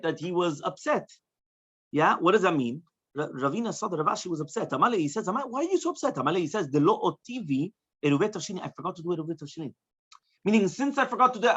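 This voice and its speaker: A man with a fairly high voice rattles through a Talmud class at a brisk clip. He translates phrase by phrase and checks in with his students as he goes. The dull, lo-fi recording sounds like a class taped in the room. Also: fairly bright tone. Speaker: rabbi teaching Talmud. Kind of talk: Talmud study lecture.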